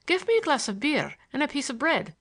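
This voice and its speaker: A woman's voice: high voice, big pitch swings, a little fast, a bit bright, pitched above the performer's own voice, exaggerated voice. A woman voicing a bantering Irish man with rolling, trilled R's, teasing and mock-scolding in an audiobook. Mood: eager.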